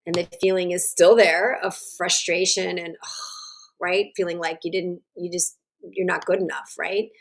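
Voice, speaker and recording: A woman teaching self-regulation and guiding a slow breathing exercise, with a gentle, instructive manner. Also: fairly low pitch, fairly even intonation. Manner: gentle, instructive, checks in with "right?". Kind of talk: guided breathing lesson. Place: online summit stream.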